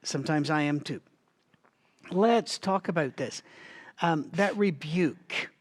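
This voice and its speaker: Leading a Bible study, this man talks in a relaxed teaching manner, thinking out loud with asides and restarts. His voice sits on the high side and moves slowly, and a recurring cough interrupts him now and then.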